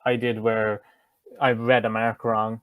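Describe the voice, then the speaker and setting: A man hosting a podcast, a magician himself, talking in a relaxed, conversational way. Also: lowish voice, measured pace, clean tone, no room sound, narrow, tinny audio. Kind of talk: casual interview chat.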